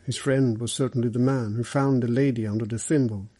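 A man reading a novel aloud as narrator, in a measured, even way. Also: medium pitch, husky, no echo, low-quality recording. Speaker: audiobook narrator. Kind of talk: scripted narration.

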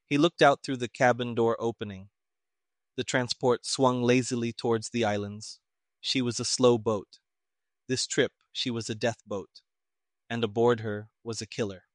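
A man narrates a story in a steady, even way at a middling pitch. His voice sounds dry and close to the mic. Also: moderate pace, no room sound. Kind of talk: scripted audiobook narration.

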